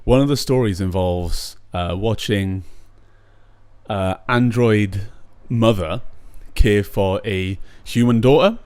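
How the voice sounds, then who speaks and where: A young man with a slightly low voice co-hosts a casual podcast. He talks bluntly and swears freely, and his opinions tip into rants. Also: takes it slowly, darkish tone, clean tone, no room sound. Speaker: podcast co-host. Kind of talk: casual chat.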